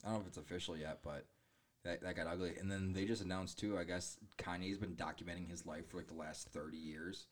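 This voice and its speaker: A man's voice: low voice, steady tone, fast talker. A young man co-hosting in casual chat, easygoing and joking. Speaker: podcast co-host.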